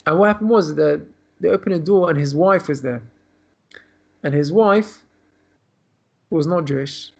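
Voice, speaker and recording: Male rabbi with a high voice, rambling storyteller, muffled call audio. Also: unhurried, vocal fry, pauses often, a little mellow. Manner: loose, run-on retelling. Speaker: rabbi teaching. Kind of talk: storytelling lesson. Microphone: video call. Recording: dull lo-fi video call audio.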